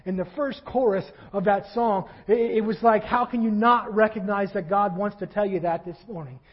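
A husky-voiced male pastor preaching a sermon in a church, swinging between quiet reflection and loud fervent passages. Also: high voice, fairly even intonation, normal speed, lo-fi sound. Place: church sanctuary.

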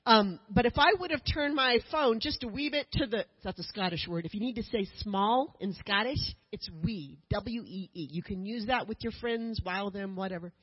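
A woman's voice: mid-range voice, moderate pace, hardly any pauses, slightly rough, muffled recording. A woman giving a chatty slideshow talk as a missionary speaker to a church group, with joking asides. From United States.

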